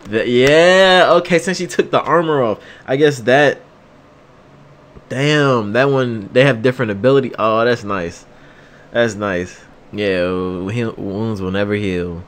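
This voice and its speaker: A young man hosting an anime reaction, reacting in excitable, slangy banter and laughing often. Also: medium pitch, unhurried. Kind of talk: casual reaction commentary.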